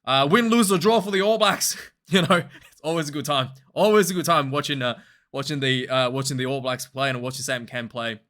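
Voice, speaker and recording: Bright-voiced man rambling about rugby. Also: medium pitch, brisk. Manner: rambling and animated, with frequent laughs. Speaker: rugby reviewer. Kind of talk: casual match review vlog.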